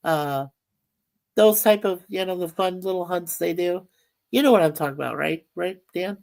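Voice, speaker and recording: A woman's voice: on the low side, normal speed, gravelly, a little mellow. A woman hosting a casual livestream chat, rambling and reading viewer comments aloud. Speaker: livestream host.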